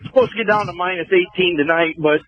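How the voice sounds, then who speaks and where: A man's voice: high voice, quick pace, crowd noise. A man calling in to a radio show, a truck driver with an easygoing, dryly joking manner. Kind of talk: call-in chat. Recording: lo-fi phone call.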